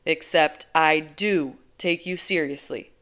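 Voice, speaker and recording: An easygoing young man who teases and presses his point, speaking up louder than the narration around him, as a woman narrator gives him her own low voice. He sounds amused and unhurried. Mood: teasing. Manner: relaxed, teasing, emphatic. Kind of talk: audiobook character voice.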